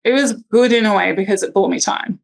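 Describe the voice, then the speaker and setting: A woman's voice: medium pitch, fast talker, creaky, rough recording. A woman telling her birth story in a casual interview, chatty with lots of ums and likes. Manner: chatty, many ums and likes, acts out quotes.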